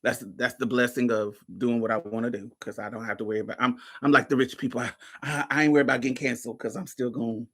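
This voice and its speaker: A woman's voice: a bass voice, fairly even intonation, quick pace, hardly any pauses, fairly bright tone. A woman hosting a casual talk show, telling a story to her listeners in a blunt, profane way and laughing often. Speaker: host.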